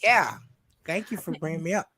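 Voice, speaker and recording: A woman's voice: low-pitched, normal speed, gravelly, husky, no echo. A woman chatting playfully as a guest on a casual podcast. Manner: playful, joking, lively. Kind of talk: casual chat.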